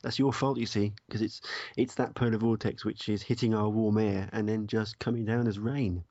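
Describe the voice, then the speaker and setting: A man's voice: on the low side, fairly even intonation, moderate pace, warm tone, dry recording. A man, a podcast guest, teasing in a mock-grumpy way. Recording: dull lo-fi remote call.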